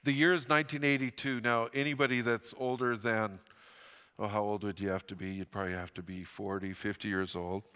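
A pastor in his fifties from Western Canada delivers a sermon in a bright, forceful voice that rings out through a church sanctuary with a long reverb. He reads scripture dramatically, slowing and rising on the quoted lines, then drops to a quiet, confiding tone for his own stories. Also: on the low side, fairly even intonation, clean tone. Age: 50s.

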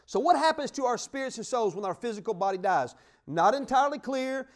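A man preaching a sermon, exuberant and calling out questions and shouted praises to his congregation. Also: extremely high pitch, expressive, brisk.

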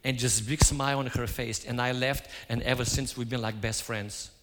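A man's voice: mid-range voice, steady tone, normal speed, a little hiss or hum. A man giving a sermon, telling stories and acting out his own quoted lines. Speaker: preacher. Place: church. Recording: hall reverb.

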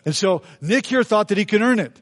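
A man's voice: high-pitched, animated, brisk. A man preaching a sermon in a church as pastor, folksy and conversational, acting out the people he quotes.

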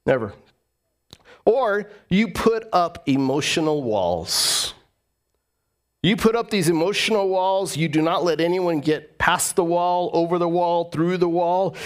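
A man preaching a sermon as pastor, earnest and emphatic, repeating phrases for stress. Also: on the high side.

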